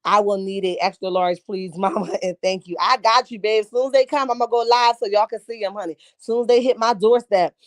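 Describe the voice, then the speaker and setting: A woman's voice: medium pitch, fairly quick, few pauses, dry recording. A woman hosting a casual livestream, reacting with sass and reading out viewer comments as she talks. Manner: sassy, reads viewer comments aloud and reacts. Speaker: livestream host. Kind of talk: casual live-chat commentary.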